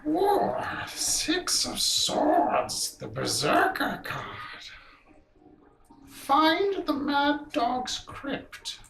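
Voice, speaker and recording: Old seer woman, played by a woman, solemn and portentous, slow high delivery, roomy sound. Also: huge pitch swings, gravelly, fairly bright tone, full character voice. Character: old female fortune-teller reading cards, solemn.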